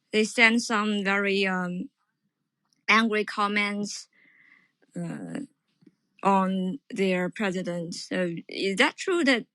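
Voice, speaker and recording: A woman whose first language is Chinese calls in to practice English. She speaks slowly and hesitantly, filling pauses with ums and uhs. The sound is dry, with no room echo. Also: medium pitch, a bit bright. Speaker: caller. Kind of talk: casual English practice chat.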